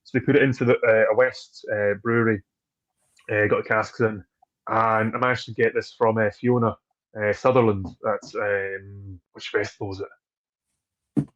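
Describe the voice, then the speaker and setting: A man's voice: fairly low pitch, little pitch movement, moderate pace, fairly bright tone, muffled recording. Chatty man on a video call. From Scotland. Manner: chatty, stammers on restarts, laughs often. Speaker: distillery trade guest. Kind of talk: casual chat on a video call.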